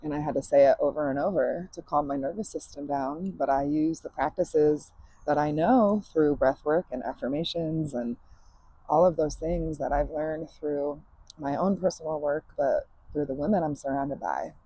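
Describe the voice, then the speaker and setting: Female podcast host, mellow husky voice, candid and emphatic, outdoor backyard monologue. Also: low-pitched, moderate pace, no echo, low-quality recording. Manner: emphatic, swears freely, laughs often.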